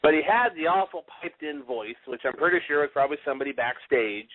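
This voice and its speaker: A man co-hosting a casual radio talk show, telling stories in a lively, animated way. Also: a little high, fast talker, dry recording. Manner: animated, vivid storytelling. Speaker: podcast co-host. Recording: tinny phone-like radio audio.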